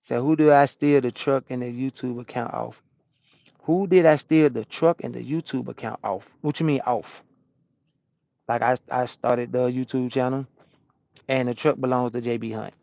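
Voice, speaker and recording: A man who drives a truck, chatting casually with his stream chat from his cab and answering questions out loud in loose slang. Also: mid-range voice, fairly even intonation, normal speed, vocal fry, no room sound, muffled recording. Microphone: small camera-mounted microphone.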